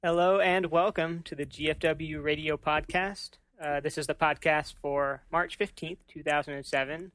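A man's voice: on the high side, fairly even intonation, normal speed, hardly any pauses, fairly bright tone, no room sound. A man hosting a casual podcast in a dry, understated way. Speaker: podcast host.

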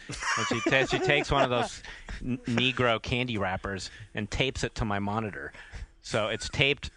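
A man with a lively, swinging pitch and a bright, sharp tone co-hosts a casual podcast. He tells stories in an animated way and chuckles along. A faint hiss and clicks sit in the background. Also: normal speed. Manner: animated storyteller, chuckles often. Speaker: podcast co-host.

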